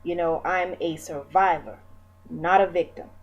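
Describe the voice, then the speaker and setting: Woman, 40s, lowish voice, candid and encouraging, chatty personal vlog talk with fillers. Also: fairly even intonation, unhurried, highs cut off. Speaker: vlogger.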